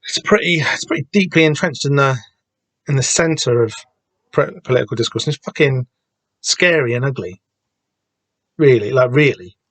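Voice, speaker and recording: A man's voice: medium pitch, animated, normal speed, long pauses, fairly bright tone, breathy edge, no room sound. A man hosting a podcast, talking casually and rambling with many restarts and the odd swear word. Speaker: podcast host discussing a comic.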